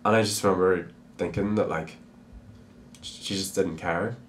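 A young man, a drag performer telling his own story in a documentary interview, halting and repeating words with many fillers. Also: low voice, fairly even intonation, a little hiss or hum.

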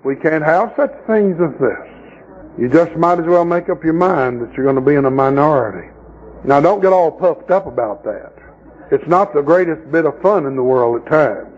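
A camp meeting preacher with a voice on the high side, animated at a moderate pace and darkish in tone, tells folksy stories. He mocks the people he talks about by acting out their voices, and the sound is lo-fi.

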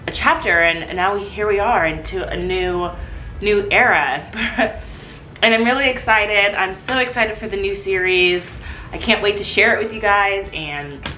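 A woman's voice: mid-range voice, bright, forceful tone. A young woman vlogging in her apartment, gushing and chatty, with lots of "like"s. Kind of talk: casual vlog chat. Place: her apartment living room. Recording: echoey room.

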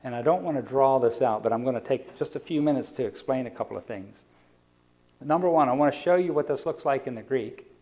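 A man's voice: mid-range voice, a little fast, dark tone. A man preaching a sermon as an evangelist, explaining scripture and asking the congregation rhetorical questions.

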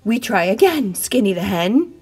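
A woman's voice: medium pitch, big pitch swings, moderate pace, darkish tone, husky, faint music behind. A woman voicing a bossy, grand male goat who fancies himself a scientist, speaking in a lofty, declaring way. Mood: pompous.

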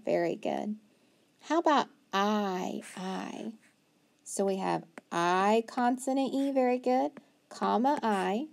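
A woman's voice: medium pitch, gravelly, a little mellow. Woman teacher doing phonics for little kids, patient, stretches out sounds, lots of praise. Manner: patient, encouraging, sounds out letters slowly. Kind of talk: phonics lesson to young children.

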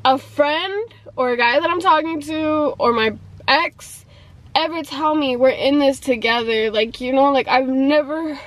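High-voiced young woman rambling casually. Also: measured pace, no echo, low-quality recording. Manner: rambling, fills with "like" and "you know". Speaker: vlogger. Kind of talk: casual confessional chat.

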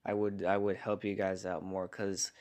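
A man hosting a casual comment-reaction vlog from his home garage, talking in a hushed voice to keep quiet. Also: deep voice, level tone, moderate pace. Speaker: channel host reading viewer comments.

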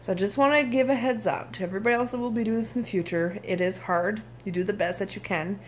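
A woman's voice: medium pitch, fast talker, slight background noise. A woman in her thirties from Canada, talking frankly in a casual video diary, tired and irritable, now and then swearing. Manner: candid, frank, occasionally swears. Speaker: vlogger.

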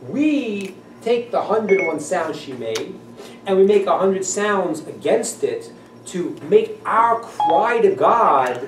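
A male rabbi giving a class, lively and animated, acting out voices and laughing often. His voice sits high and swings widely. He is heard from a distance in an echoey room with faint background noise. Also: slow pace. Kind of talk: class lecture.

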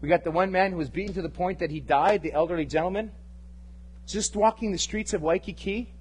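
A man preaching to his congregation, his voice sitting a little high for a man. He pushes hard on key lines, then drops to a near hush when he turns intimate. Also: fairly quick, breathy edge, poor audio. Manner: impassioned, swinging between loud and hushed. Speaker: pastor. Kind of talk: sermon. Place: church service.

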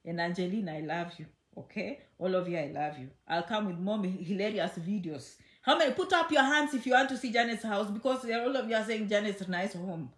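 A woman's voice: medium pitch, animated, fairly quick, hardly any pauses. Chatty woman in an echoey room. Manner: chatty, affectionate, keeps asking okay. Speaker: social media host. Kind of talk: casual livestream chat. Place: at home.

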